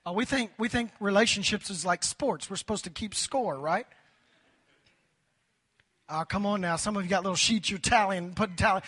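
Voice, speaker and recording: High bright voiced guy preaching, gets the church crowd talking back to him, voice getting worn out. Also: normal speed, husky. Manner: preaching with call-and-response prompts to the congregation. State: voice tiring, near hoarse. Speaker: pastor. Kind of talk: sermon. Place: church sanctuary before a large crowd.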